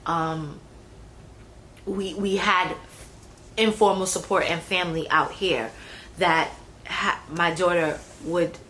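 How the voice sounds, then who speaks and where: A woman's voice: lowish voice, fairly even intonation, takes it slowly, long pauses, fairly bright tone, rough recording. A young adult woman talking casually about her own pregnancy, chatty, with fillers and restarts. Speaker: vlogger. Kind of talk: casual personal storytelling. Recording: faint background noise.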